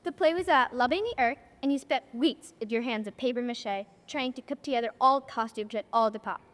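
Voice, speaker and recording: A woman's voice: a little high, brisk, a bit bright. A young woman narrating a school stage play, telling the story wryly to the audience as "you". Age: young adult. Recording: echoey auditorium, from a distance.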